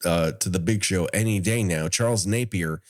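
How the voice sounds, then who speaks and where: A man's voice: deep voice, normal speed. A man co-hosting a podcast, recapping a horror film in casual chat with wry asides and frequent laughs. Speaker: podcast co-host.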